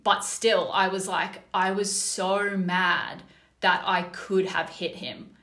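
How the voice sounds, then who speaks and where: A woman's voice: fairly low pitch, flat delivery, slow pace, fairly bright tone, reverberant. A woman telling a story in casual chat, with many fillers and restarts.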